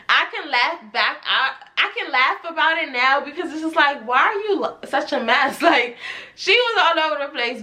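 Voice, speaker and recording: A hair stylist and vlogger, a woman, telling a casual storytime straight to her viewers in an animated way. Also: high-pitched.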